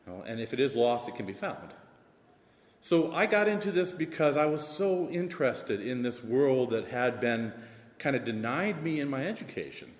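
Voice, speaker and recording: A man with a Southern drawl, an assistant principal speaking on a panel, wordy and animated with self-deprecating jokes. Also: medium pitch, moderate pace. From American South. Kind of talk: panel talk. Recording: echoey hall with long reverb.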